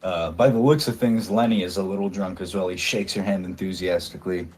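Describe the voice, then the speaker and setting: Low-voiced man running a tabletop game. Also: a little fast, breathy edge. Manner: relaxed, filler-heavy narration. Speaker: game master.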